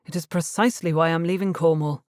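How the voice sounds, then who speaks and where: A woman voicing a guilt-ridden young gentleman in a tense, self-reproaching manner. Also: sits low, fairly even intonation, fast, no echo, studio quality, close to an everyday voice. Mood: anguished.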